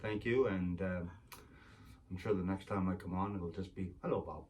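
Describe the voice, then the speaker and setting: A man's voice: low-pitched, steady tone, moderate pace, recorded from a distance. A man, the host's husband, who drops in briefly with dry remarks and corrects small details. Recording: off-mic with faint noise.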